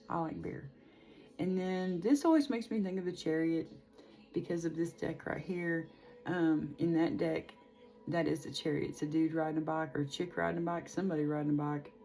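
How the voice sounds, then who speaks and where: Low-voiced woman rambling through a tarot reading. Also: warm tone. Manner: rambling, chatty, with many fillers. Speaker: tarot reader.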